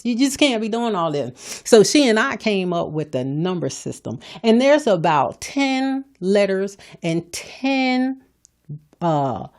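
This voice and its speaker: A woman's voice: fairly low pitch, darkish tone. A woman, hosting a podcast in a blunt, folksy, sermon-like way, scolding with humor. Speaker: podcast host. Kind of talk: preachy motivational talk.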